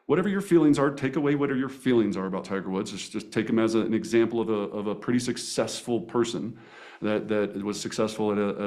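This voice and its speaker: A man teaching real estate agents negotiation in a seminar, energetic and animated, often restarting words and tagging "right?" onto his points. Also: medium pitch. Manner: energetic, animated, with playful voice impressions. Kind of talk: coaching seminar presentation.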